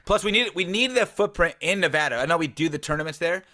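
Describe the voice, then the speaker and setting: A man's voice: a little high, fast, bright, forceful tone. A man co-hosting a casual sports podcast, blunt and profane, telling stories with animation. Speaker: podcast co-host.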